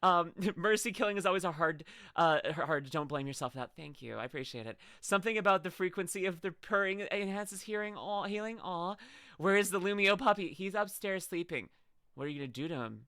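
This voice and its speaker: A woman's voice: on the low side, fairly quick, fairly bright tone, no echo. A woman streamer chatting casually while reacting to a video, rambling with stammered restarts.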